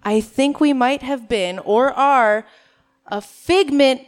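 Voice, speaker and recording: Woman comic, stand-up set, nervous, chatty, self-mocking, fairly high voice. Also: slow. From Minnesota. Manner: chatty, self-mocking, talks straight to the crowd. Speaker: stand-up comedian. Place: on stage at a live show.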